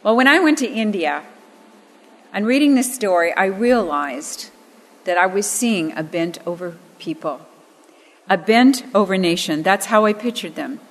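An earnest woman teaches scripture, telling stories with emphatic weight on key phrases. Her voice sits at a middling pitch and rings out with a long hall reverb. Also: expressive, unhurried. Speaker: Bible teacher. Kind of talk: expository Bible teaching with personal stories.

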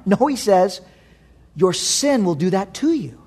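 A man's voice: extremely high pitch, big pitch swings, unhurried, breathy edge. A man pastor preaching a sermon, reading scripture and joking, with sudden dramatic swings in his delivery.

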